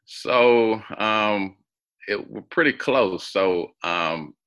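A man telling a personal story as a guest in an interview, acting out the voices of others with sudden jumps in pitch. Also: extremely slow, clean tone. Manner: animated, acts out quoted voices with big pitch jumps.

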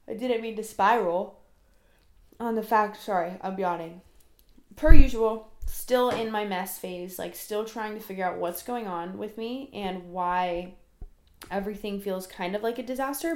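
A young woman hosting her own podcast, rambling and self-deprecating in casual solo chat. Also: mid-range voice. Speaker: podcast host. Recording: echoey room.

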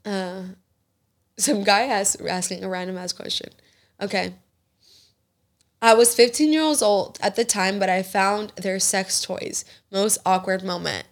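A woman's voice: medium pitch, a little slow. Chatty young woman podcast host. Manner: chatty, animated storyteller. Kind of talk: casual chat.

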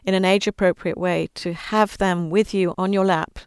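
A woman talks with earnest warmth, then reads a storybook aloud, lending its quoted lines their own voice. Her tone is smooth and resonant. The recording is dry and close, with no room sound. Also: on the low side, steady tone, moderate pace, dry recording. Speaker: guest author reading her book. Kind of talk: conversational interview, then storybook read-aloud.

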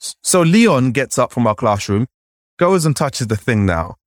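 A man from Nigeria, a podcast guest, recounting his childhood in a lively storytelling way, often saying "like" and acting out the voices he remembers. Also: mid-range voice, normal speed, no echo, studio quality. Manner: animated, acts out remembered voices, frequent "like". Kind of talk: storytelling in conversation.

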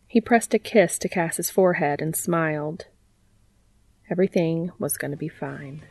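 A woman reading fan fiction aloud as the narrator, in an even, measured, intimate way. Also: low-pitched, breathy edge, soft background music.

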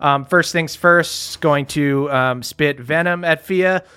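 A man's voice: fairly high pitch, slow, sharp tone, smooth. A man running a tabletop game as game master, casual and laughing, with loose profanity.

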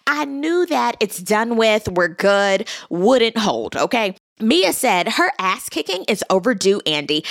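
A young woman giving a sassy, animated casual recap at her computer, calling listeners honey and child. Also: a little high, creaky, no echo, studio quality. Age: young adult. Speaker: reality TV recap podcaster. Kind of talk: casual commentary monologue.

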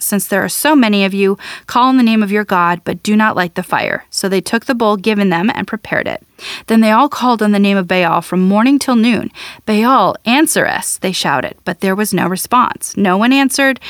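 Woman, Bible reading, steady and even, middle pitch, dry studio mic. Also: dry recording. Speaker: Bible reader. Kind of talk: scripture reading.

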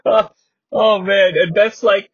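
Husky high-voiced man, wry, keeps laughing. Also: little pitch movement, takes it slowly, no echo. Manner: laughs often, wry, rambling asides. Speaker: podcast host. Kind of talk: comedic wrestling recap. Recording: dry, slightly muffled podcast mic.

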